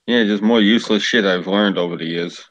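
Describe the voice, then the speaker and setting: Deep-voiced man, dry and bright. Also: a little fast, highs cut off, a little hiss or hum. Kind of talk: casual chat.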